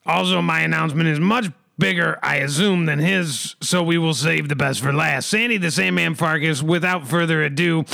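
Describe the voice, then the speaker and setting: A man's voice: on the high side, creaky, bright, forceful tone, dry recording. A man hosting a comedy podcast, delivering absurd stories in a grandiose, theatrical, mock-poetic way. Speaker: host.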